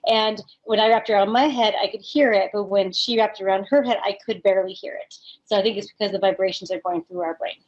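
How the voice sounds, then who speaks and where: A woman's voice: medium pitch, fairly even intonation, quick pace, hardly any pauses. A woman taking part in an online workshop, chatting about an activity with her daughter over a video call. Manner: chatty, self-deprecating. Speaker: workshop participant. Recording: dull lo-fi call audio.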